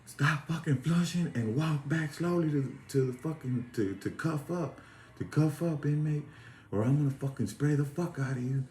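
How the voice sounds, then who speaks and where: A man's voice: a little high, normal speed, darkish tone, roomy sound, slight background noise, pitched above the performer's own voice, close to an everyday voice. A man voicing a male prison lieutenant barking threats and commands. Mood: threatening. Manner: gruff commands.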